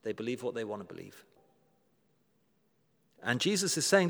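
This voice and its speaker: A man preaching a sermon, earnest and emphatic, slowing down to stress key words and asking rhetorical questions with dry humor. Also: medium pitch, big pitch swings, gravelly, fairly bright tone. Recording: long reverb of a large hall.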